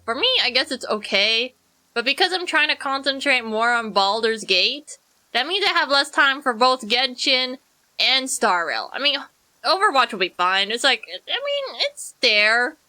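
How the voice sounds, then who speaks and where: Bright, chatty young woman streamer. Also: fairly high pitch, lively intonation, unhurried, faint music behind. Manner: chatty, rambling, jokey asides to chat. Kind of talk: casual gameplay commentary.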